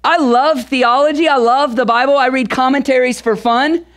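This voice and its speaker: A pastor in his thirties preaching a sermon through a relaxed personal story, talking conversationally with casual fillers. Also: very high-pitched, normal speed.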